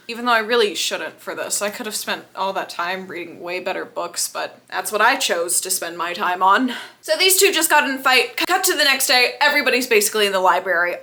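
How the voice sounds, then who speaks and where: A woman giving a casual, chatty book recap, self-deprecating and quick to laugh. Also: on the high side, bright, forceful tone. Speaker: book reviewer.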